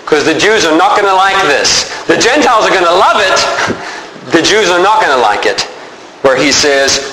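Animated male preacher in an echoey hall. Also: high-pitched, moderate pace, a little hiss or hum. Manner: animated preaching, rising emphasis. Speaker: pastor. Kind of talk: sermon.

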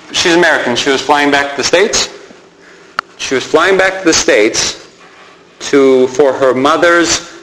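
A pastor with a medium-pitched, slightly bright voice delivers a sermon in an echoey room with faint background noise. He reads scripture aloud and acts out the lines of the mourners.

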